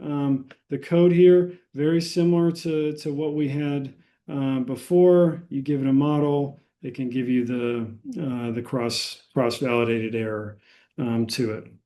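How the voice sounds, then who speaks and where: Slow-speaking American man lecturing. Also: medium pitch, steady tone, dark tone. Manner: frequent fillers and restarts, unhurried explaining. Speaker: statistics instructor.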